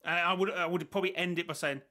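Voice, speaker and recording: A man's voice: high voice, fairly even intonation, quick pace, pushed and bright. A man hosting a casual reaction stream, rambling and second-guessing himself as he thinks aloud. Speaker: host reacting to a video.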